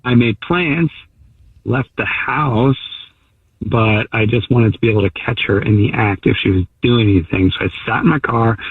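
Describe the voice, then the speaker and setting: A man's voice: medium pitch, moderate pace, breathy edge, no room sound. Hesitant man on a tinny phone line. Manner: hesitant, with fillers and restarts. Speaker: caller. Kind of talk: phone-in account to a radio show.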